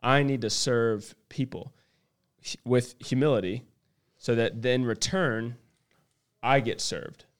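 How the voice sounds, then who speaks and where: A man's voice: medium pitch, fairly even intonation, slow, long pauses, clear, resonant tone. A man with a mid-range voice talks casually. He works through his ideas aloud, circling back and restarting as he goes. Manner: thinks aloud, with many restarts. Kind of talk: casual conversation.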